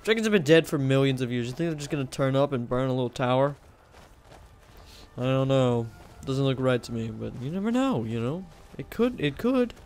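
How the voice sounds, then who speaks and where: A goofy young man giving excitable, jokey commentary while he plays a video game. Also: medium pitch, a little fast. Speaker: gamer, video host. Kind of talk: casual let's-play commentary.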